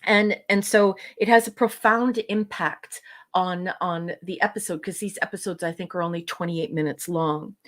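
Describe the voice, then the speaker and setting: A woman's voice: on the low side, fairly even intonation, moderate pace, fairly bright tone. Gushing, rambling woman reviewer. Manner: gushing, rambling with many fillers. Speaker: co-host reviewing a TV episode. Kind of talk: casual podcast chat.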